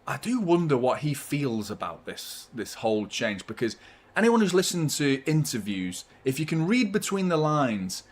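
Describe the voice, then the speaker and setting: A man hosting a live football watchalong, giving chatty, partisan fan commentary and swearing freely. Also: a little high.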